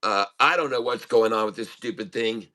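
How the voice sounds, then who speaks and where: A man's voice: lowish voice, fairly quick, pushed and bright. Chatty middle-aged man live-streaming his trades. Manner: chatty, mutters while fixing his audio; lisping sound he blames on his audio. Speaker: day-trading livestream host. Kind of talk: casual live-stream chat. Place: home.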